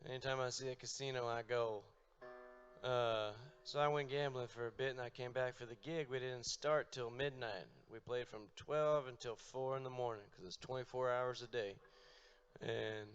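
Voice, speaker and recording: A man telling a long, profane, deadpan story on stage between songs. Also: mid-range voice, normal speed, clean tone, highs cut off, faint music behind. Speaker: comedic storyteller and musician. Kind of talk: stand-up storytelling.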